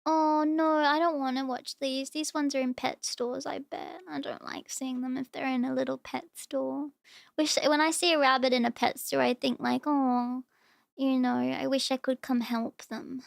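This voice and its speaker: High-voiced woman cooing over animal videos. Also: level tone, moderate pace, vocal fry, dry recording. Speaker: VTuber streamer. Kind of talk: casual stream chat reacting to videos.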